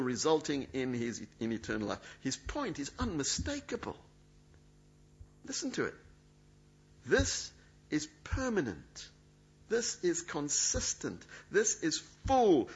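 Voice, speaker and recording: A man's voice: a little high, fairly bright tone, husky. A male preacher, preaching a sermon in an emphatic, dramatic way. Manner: emphatic, dramatic, acts out quoted speech. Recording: dull lo-fi sound.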